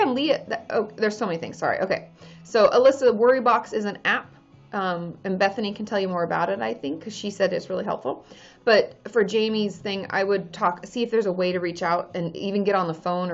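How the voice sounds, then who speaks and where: A woman's voice: mid-range voice, fairly quick, highs cut off, soft background music. A woman from Washington State, a therapist chatting casually on a livestream, answering viewers and reading their names aloud.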